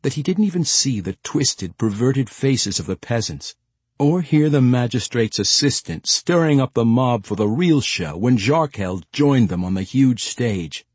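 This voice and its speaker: A man reading fantasy fiction aloud in a measured, expressive storytelling manner. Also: mid-range voice, slightly rough, no room sound. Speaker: audiobook narrator. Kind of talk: scripted fantasy narration.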